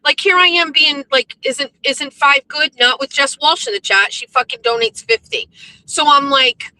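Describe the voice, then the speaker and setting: A young woman livestream host telling a story in a blunt, profane, animated way while driving in a car. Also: sits high, normal speed, low-quality recording. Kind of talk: casual profane livestream rant.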